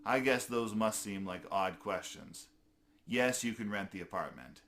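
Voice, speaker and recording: A man's voice: fairly low pitch, measured pace, fairly bright tone. A man voicing a polite, hungry young male squirrel who asks eager, slightly wary questions. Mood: earnest.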